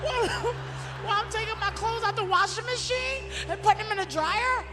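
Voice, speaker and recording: A man putting on a high, squeaky, stammering voice for a panicked man facing a robber. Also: brisk, bright, forceful tone, a little hiss or hum, exaggerated voice. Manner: stammering, frantic.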